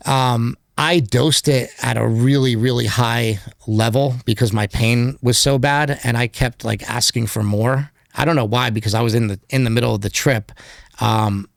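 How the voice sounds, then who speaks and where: A mid-pitched man with a rough, gravelly edge speaks as a podcast guest. He talks in an open, meandering way and leans on filler words between thoughts. His voice is recorded close and dry in a studio. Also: fairly even intonation, normal speed, no room sound. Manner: candid, rambling, heavy use of filler words. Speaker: podcast guest, documentary filmmaker. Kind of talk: casual interview conversation.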